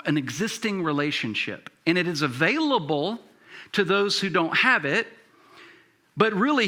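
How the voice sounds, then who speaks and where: Bright-voiced pastor preaching casually. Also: male voice, fairly high pitch. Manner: conversational, many fillers and restarts. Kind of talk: sermon.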